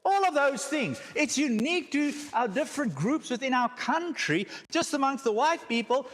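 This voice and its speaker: With a very high, fairly bright voice, a South African guest speaker talks briskly and with animation, presenting a church teaching with slides. Jokes and rhetorical questions pepper his talk, which is recorded in an echoey church hall.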